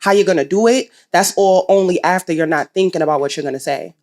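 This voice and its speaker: Woman, poet giving advice, candid, slightly low pitch. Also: fast talker, a little mellow. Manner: candid, swears freely, laughs at herself. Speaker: poet giving feedback at an open mic. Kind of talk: casual advice to a performer.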